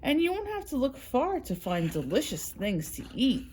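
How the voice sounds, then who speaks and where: A woman voicing a cheerful tiny mouse in a storybook reading, squeaky and bubbly. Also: wildly swooping pitch, moderate pace, darkish tone, slight background noise. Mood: excited.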